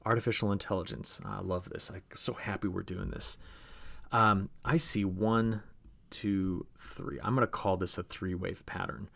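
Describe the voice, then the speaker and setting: A man's voice: lowish voice, vocal fry. A man giving a chatty agricultural weather briefing over forecast maps, talking straight to viewers and often restarting his phrases.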